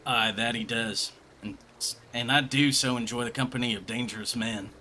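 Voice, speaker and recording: A man's voice: medium pitch, fairly even intonation, moderate pace, pushed and bright, slight background noise, lightly acted. A man voicing a boastful, flirty male swordsman from a game in a put-on American country accent. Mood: swaggering. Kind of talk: reading game dialogue aloud in voices.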